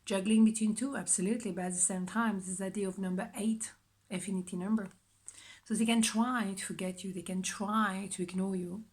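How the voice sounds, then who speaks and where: A woman's voice: mid-range voice, a little fast. Chatty woman reading tarot cards. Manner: chatty, emphatic, expressive. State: husky morning voice. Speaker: tarot reader. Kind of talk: casual tarot reading to camera.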